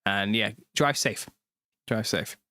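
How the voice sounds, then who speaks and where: A man's voice: lowish voice, slow pace, bright, forceful tone, no echo. Chatty British man, dry close sound. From United Kingdom. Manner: chatty, laughs often mid-sentence. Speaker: host. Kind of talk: casual livestream chat reading viewer comments.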